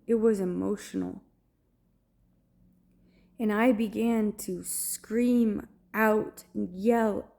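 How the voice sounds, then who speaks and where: A woman vlogger recounting a dream to camera in an earnest, halting way, often pausing to search for words. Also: medium pitch, vocal fry, warm tone. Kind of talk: personal storytelling to camera.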